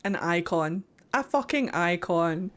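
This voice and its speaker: A woman streamer who chats casually over a video game, tossing in playful, profane asides. She takes her time, speaking slowly at a middle pitch. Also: animated. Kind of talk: casual chat over gameplay.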